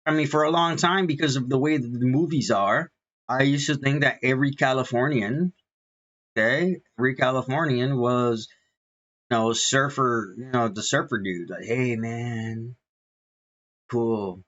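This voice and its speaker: A man's voice: medium pitch, normal speed, a bit bright. A man talking as a minister in a rambling, earnest casual monologue, repeating himself and restarting sentences. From United States. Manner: repetitive, restarts often, earnest. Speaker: vlogger and minister. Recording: dull lo-fi sound.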